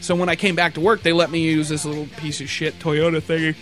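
A man telling a rambling, profanity-heavy road rage story with animated asides, sounding a bit tired. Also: a little high, fast, soft background music. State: tired, yawning.

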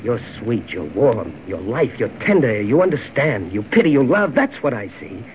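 An actor playing an ardent young lover, 1940s radio. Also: male voice, mid-range voice, moderate pace, natural voice. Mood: pleading. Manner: earnest, persuasive, lively delivery. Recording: dull old radio recording with faint hiss.

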